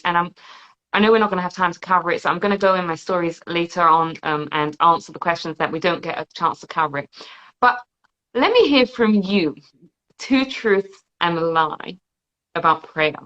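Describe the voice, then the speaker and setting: A woman interviewer with a bright, tense tone, talking in a lively way and tripping over repeated words. Her voice comes through dull, lo-fi video call audio. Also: lowish voice. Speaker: podcast host, interviewer.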